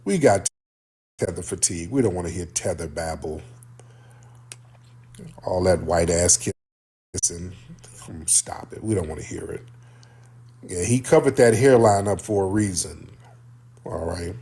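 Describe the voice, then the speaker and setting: A man's voice: deep voice, a little slow, long pauses, warm tone, husky. A man hosting a heated live-stream call-in debate, blunt and combative, talking over his callers. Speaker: livestream host.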